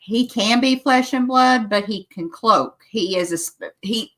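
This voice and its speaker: A woman in casual chat, earnest and quick to laugh. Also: on the high side, a bit bright, low-quality recording. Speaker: paranormal guest.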